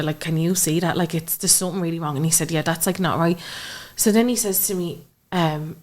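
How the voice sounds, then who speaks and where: A young woman with an Irish accent, a podcast guest telling a personal story and acting out the dialogue she quotes. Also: lowish voice. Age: young adult. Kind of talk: emotional personal storytelling in conversation.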